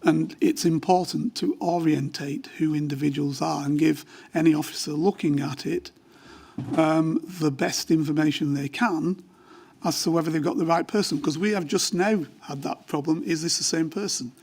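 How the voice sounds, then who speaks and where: A man's voice: a little high, fairly even intonation, normal speed, vocal fry, darkish tone. An older man, a former police officer, testifying at a formal hearing in a matter-of-fact way and explaining at length. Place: inquiry hearing room.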